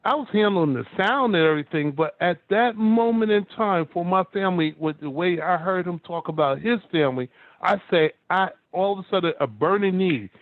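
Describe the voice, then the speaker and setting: Speaking at a moderate pace in a high voice, this man delivers emphatic motivational stories online, asking "guess what" over and over. The sound is dry and phone-like, without any echo.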